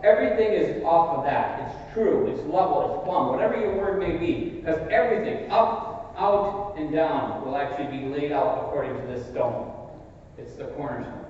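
A man preaching an expository sermon in a church sanctuary, earnest and building to emphatic peaks before dropping to quieter asides. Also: a little high, animated, moderate pace, a little hiss or hum. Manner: earnest, rises to emphatic peaks then drops to soft asides. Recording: distant echoey hall recording, dull.

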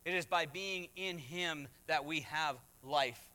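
A man's voice: fairly high pitch, takes it slowly, bright, forceful tone. A man preaching a sermon as pastor, emphatic, with acted asides and rising refrains. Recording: reverberant hall.

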